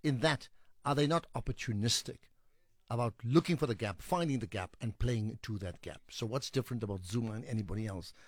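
A man's voice: medium pitch, a little fast, no room sound, clean studio sound. A man hosting a call-in radio show, responding to callers and arguing his points firmly. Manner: argues firmly, rising to emphatic appeals. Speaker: radio talk show host. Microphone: studio microphone.

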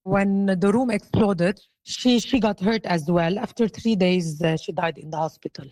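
A middle-aged Lebanese woman with an accent, speaking English as a second language to an interviewer over the phone, halting, with many restarts. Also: mid-range voice, a little mellow, dry recording, rough recording. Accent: Lebanese Arabic. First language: Arabic. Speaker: interviewee, hotel owner.

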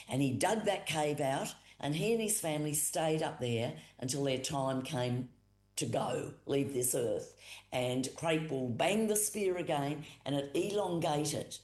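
An Australian storyteller from Boandik country, telling a creation story in an unhurried, repetitive way with pauses and emphatic retellings. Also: medium pitch, a little mellow. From Boandik country, South Australia. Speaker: Aboriginal storyteller and cultural educator. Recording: echoey room.

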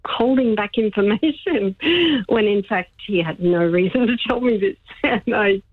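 A woman calling in to a radio show tells an embarrassing anecdote, giggly and animated. Her voice comes through a narrow, tinny phone line. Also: medium pitch, unhurried, slightly rough. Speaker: caller. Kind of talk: casual call-in chat.

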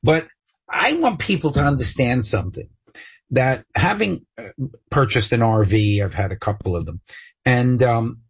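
A man's voice: mid-range voice, lively intonation, moderate pace, husky, lo-fi sound. A man co-hosting a radio talk show, trading teasing quips with his partner and laughing often. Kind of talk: casual radio banter.

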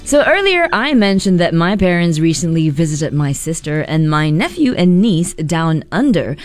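A woman's voice: fairly low pitch, big pitch swings, normal speed. A woman radio DJ from Singapore chatting casually on air, laughing as she tells a family story. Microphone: studio mic.

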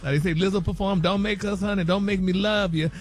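A man's voice: sits high, fairly even intonation, fast talker, faint music behind. A man presenting the celebrity gossip segment on a morning show, flamboyant and sassy, calling everyone honey and baby. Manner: flamboyant, sprinkles "honey" and "baby", laughs at own jokes.

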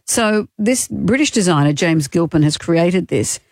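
A woman's voice: on the low side, animated, unhurried, no room sound. Dry, teasing woman host. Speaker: radio co-host. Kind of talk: casual radio banter.

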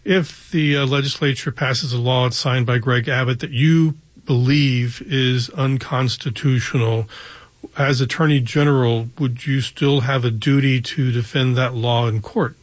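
A man interviewing a political candidate, asking measured questions with some hesitant fillers. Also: medium pitch, steady tone, dry recording.

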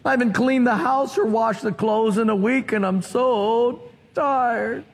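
Exhausted mom, voiced by a man; weary, slow, reverberant hall. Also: very high voice, heavily acted. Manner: weary, complaining. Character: worn-out, tired mother with sick kids. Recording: long reverb of a large hall.

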